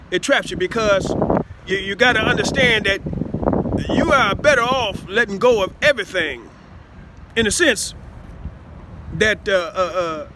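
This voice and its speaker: A man giving a rambling, improvised talk to his listeners, halting with many stammered repeats and asides of "see?". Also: high-pitched, bright, forceful tone, slight background noise. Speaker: self-styled speaker addressing listeners.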